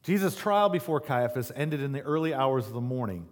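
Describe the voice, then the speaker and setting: A man's voice: medium pitch, animated, a little fast. A man preaching a sermon, reading scripture aloud and breaking off for casual asides and rhetorical questions. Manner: conversational asides with rhetorical "right?". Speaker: pastor.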